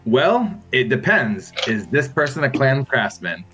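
A man's voice: mid-range voice, very animated, a little slow, over music. A man playing in a tabletop role-playing game, rambling and searching for words as he explains a custom. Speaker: player. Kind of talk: tabletop role-play chat.

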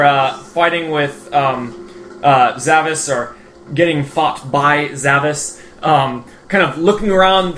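A man's voice: a little high, fairly bright tone. A man as game master, narrating a tabletop game in a loose, conversational way with fillers.

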